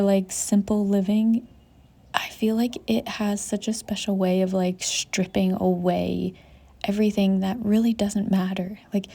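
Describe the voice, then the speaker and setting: A young woman vlogging outdoors on a mountain trip. She talks in a soft, reflective and emotional way, saying "like" constantly and sometimes dropping into a whisper. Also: mid-range voice, gravelly. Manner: soft, emotional, heavy use of "like", drifting into whispers. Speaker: travel vlogger. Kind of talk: reflective casual vlog talk.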